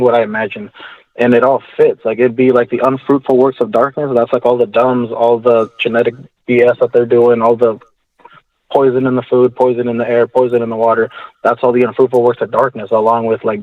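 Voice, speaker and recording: A male caller on a call-in show, talking in a rambling, halting way full of fillers. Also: mid-range voice, dry recording. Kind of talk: casual phone call. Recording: tinny phone line.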